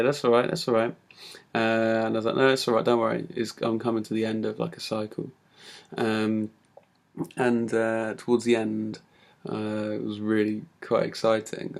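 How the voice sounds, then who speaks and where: Low gravelly man telling a story. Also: darkish tone. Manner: casual storytelling with many fillers. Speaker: speaker giving a talk. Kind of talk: personal story talk.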